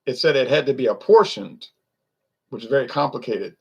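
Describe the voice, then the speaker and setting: A man's voice: mid-range voice, expressive, brisk, slightly rough, muffled recording. A man ranting in a casual monologue, opinionated and rambling, full of rhetorical questions. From United States. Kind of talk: casual rant to camera.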